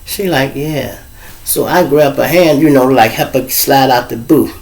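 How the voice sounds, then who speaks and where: A man's voice: mid-range voice, measured pace, a little mellow. A middle-aged man with a Chicago accent, hosting his show and telling loose, joking stories in raw street talk. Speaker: show host. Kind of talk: casual storytelling monologue.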